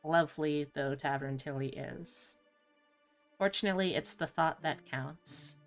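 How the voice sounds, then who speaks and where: A woman hosting a live stream, chatting casually with her audience in a low-key, rambling, self-deprecating way. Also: a little slow, faint music behind. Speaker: streamer host.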